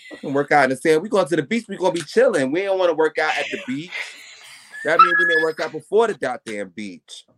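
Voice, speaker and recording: A man co-hosting a podcast in casual chat, ranting in a profane, animated way. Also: a little high, fast talker. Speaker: podcast co-host.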